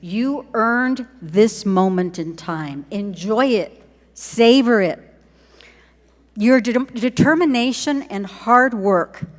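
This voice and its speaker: An older woman speaks at a podium mic in a large ceremony hall, her words carrying a long reverb. She talks slowly and deliberately, warm and encouraging as she addresses graduates. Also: fairly high pitch. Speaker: school superintendent giving a graduation address. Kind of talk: ceremonial speech.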